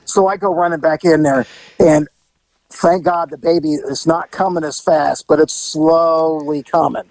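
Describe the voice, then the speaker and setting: Brief: animated male ex-cop storyteller, slightly high voice, dry close sound. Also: measured pace, no room sound, low-quality recording. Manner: animated, laughing, acts out voices. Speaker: former police officer telling stories. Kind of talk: casual storytelling podcast.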